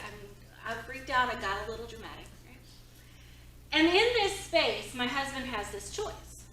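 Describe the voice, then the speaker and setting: A middle-aged woman presenting as a therapist, telling a personal story in an expressive, conversational way with frequent "right?" asides. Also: fairly high pitch, moderate pace. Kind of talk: storytelling talk to an audience. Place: presentation hall. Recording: echoey hall from a distance.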